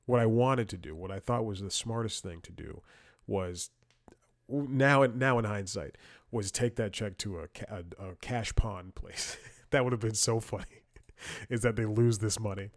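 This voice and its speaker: A man's voice: lowish voice, measured pace, no room sound, clean studio sound. A man hosting a comedy podcast, telling a rambling story with lots of restarts and sarcastic asides. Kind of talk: casual comedic monologue.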